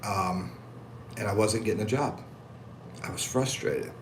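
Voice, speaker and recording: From his home in the Philippines, an American man casually hosts a livestream, chuckling as he reads comments in animated voices and answers them. His voice is fairly low and a little slow, with slight background noise.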